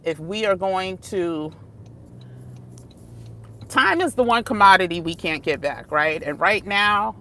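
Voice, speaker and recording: An unhurried woman talks straight to her viewers in a relaxed vlog. She drifts off topic, catches herself and laughs often. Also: on the low side. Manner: chatty, digressive, laughs often. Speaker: vlogger. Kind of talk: casual vlog talk. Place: outdoors, moving between places.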